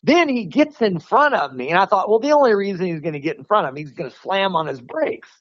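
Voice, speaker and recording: Animated storytelling man, lo-fi sound. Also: sits high, fast, dry recording. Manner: animated, laughs while telling a story, many restarts. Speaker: martial arts instructor, podcast guest. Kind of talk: casual storytelling.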